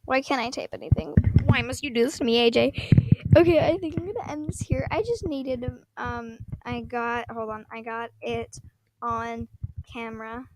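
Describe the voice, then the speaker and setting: A woman commenting casually on her gameplay at home at night, excitable and rambling, breaking into gasps and shrieks, into a microphone on a stand. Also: fairly high pitch, normal speed. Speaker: gaming vlogger.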